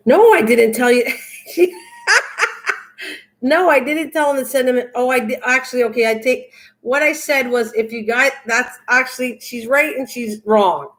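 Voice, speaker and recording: Chatting casually with live viewers during her crafting livestream, an older woman reads their comments aloud and responds to each. Her voice is on the high side and a bit bright, and she speaks a little slowly.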